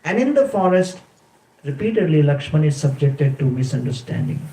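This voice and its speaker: Male preacher, deliberate and explanatory, mellow tone, echoey room, mic set back. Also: a little high, sing-song, creaky. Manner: explanatory, deliberate, acts out quotes. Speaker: spiritual speaker. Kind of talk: devotional sermon storytelling. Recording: roomy, distant from mic.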